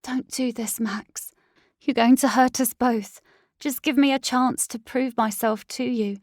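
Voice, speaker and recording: A woman's voice: high voice, unhurried, mellow, dry recording, clean studio sound, voice pushed up. Woman reading a desperate, pleading rejected girl. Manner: pleading, tearful. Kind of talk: audiobook character voice.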